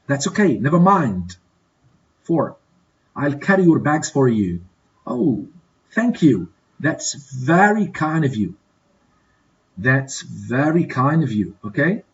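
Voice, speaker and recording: A man teaching an English lesson, reading exercise prompts and repeating the model answers slowly, often checking with "okay?". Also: mid-range voice, sing-song, slightly rough, muffled recording. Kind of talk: classroom exercise walkthrough.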